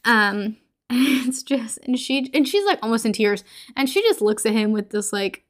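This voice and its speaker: A woman's voice: a little high, sing-song, moderate pace. A woman hosting a horror podcast walks through a film's plot in a casual, chatty recap. She talks loosely, peppering her lines with filler words.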